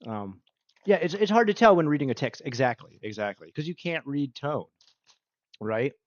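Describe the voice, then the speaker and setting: Talking to his stream audience, the man rambles along and laughs a lot in casual chat. He has a fairly high, expressive voice at a normal speed; there's no echo, but the highs are cut off.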